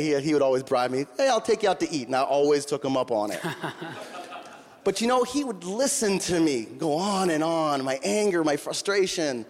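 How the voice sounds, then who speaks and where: A middle-aged man preaching a sermon, telling a story in an earnest voice and often restarting his words. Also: fairly high pitch. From Minnesota or North Dakota region. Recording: long hall reverb.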